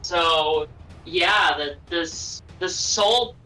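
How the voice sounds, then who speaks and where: A man playing a tabletop game, slowly and deliberately describing his character's attack. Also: a little high, bright, forceful tone, soft background music, rough recording. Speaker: player.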